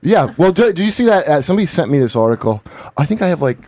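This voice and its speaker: A man's voice: on the high side, very animated, fast, dark tone, no room sound. A man co-hosting a podcast in casual chat, loose and profane with laughing asides. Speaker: podcast co-host.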